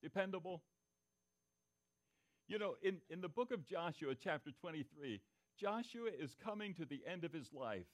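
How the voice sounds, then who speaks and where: A man's voice: fairly high pitch, sing-song, normal speed. A man preaching a sermon, asking the congregation to call out answers and repeating key phrases for emphasis. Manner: interactive, asks the congregation for answers. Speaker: pastor.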